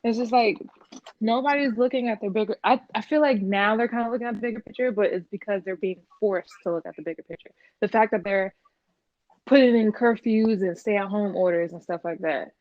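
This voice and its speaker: Talking briskly at a medium pitch, this podcast co-host is blunt, fed up and free with her swearing in a casual conversation. There's no room sound, though the audio is somewhat dull and lo-fi.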